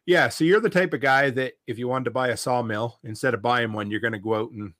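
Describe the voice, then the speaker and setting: A man's voice: medium pitch, fast talker, a bit bright, dry recording, clean studio sound. A man from Nova Scotia hosting a podcast, chatting with a guest in an easygoing, enthusiastic way. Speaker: podcast host. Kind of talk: casual interview chat.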